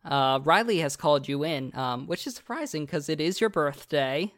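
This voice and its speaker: A man's voice: on the high side, animated, moderate pace, fairly bright tone, dry recording, clean studio sound. A man narrating a tabletop game as game master, casual and full of fillers. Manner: casual, many fillers and restarts.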